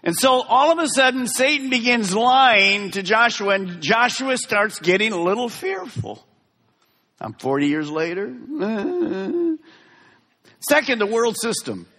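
A man preaching a sermon as pastor in a large church hall, dramatic, swinging from soft to loud. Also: high-pitched, sing-song, measured pace. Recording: long reverb of a large hall.

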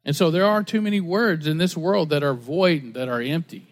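A pastor preaching to his congregation in a fairly high voice. He tells his stories with energy, acting out every line of dialogue. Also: fairly quick, hardly any pauses. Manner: animated storytelling, acting out dialogue. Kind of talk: sermon.

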